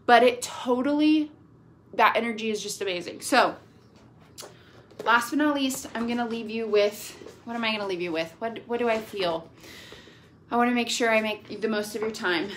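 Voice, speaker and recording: A woman's voice: fairly high pitch, a little hiss or hum. A woman giving an upbeat, gushing motivational talk to her team over a video call, full of "like" and "y'all".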